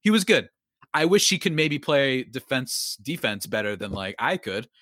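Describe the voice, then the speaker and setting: A man's voice: medium pitch, normal speed, no echo, studio quality. Rambling, upbeat young male podcast host. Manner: rambling, animated, self-interrupting. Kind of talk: casual sports talk.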